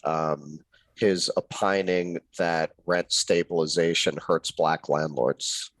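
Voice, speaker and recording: A man co-hosts a political podcast in a measured, musing way, often circling back on his openers. His voice is very low and the sound is dry and close. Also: steady tone, fairly bright tone, dry recording, rough recording. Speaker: podcast co-host. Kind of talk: casual political podcast chat.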